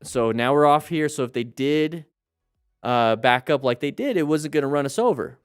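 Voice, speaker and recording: A middle-aged man commenting live on motorcycle crash videos as a riding instructor, lively and coaching, with jokey asides. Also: a little high, moderate pace, clean tone.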